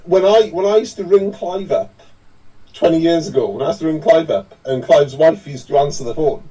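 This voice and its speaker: A man's voice: on the high side, brisk, warm tone, slightly rough, distant mic, poor audio. A man co-hosting a casual chat, rambling and repeating himself. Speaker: podcast co-host.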